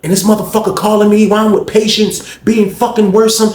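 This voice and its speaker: A man's voice: sits high, level tone, fast, a little mellow, lightly acted. Fed-up wife cussing and scolding, a guy doing her voice, roomy echo. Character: fed-up woman, wife working long shifts.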